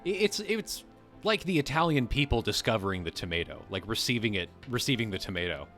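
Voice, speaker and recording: A man's voice: lowish voice, animated, a little fast, fairly bright tone, soft background music. A man hosting a live stream, reading a text aloud and breaking off into joking, casually profane asides to his chat. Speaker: livestream host.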